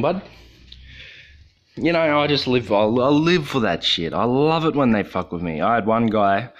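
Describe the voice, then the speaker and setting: Speaking in a mid-range voice, an Australian livestream host chats casually, rambling, swearing, and cracking jokes. The audio comes through muffled.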